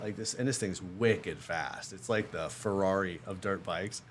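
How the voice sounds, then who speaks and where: A man's voice: deep voice, normal speed, slight background noise. A man in his fifties telling a casual, self-mocking story as a podcast guest. He acts out the other people in the story as he goes. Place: podcast studio.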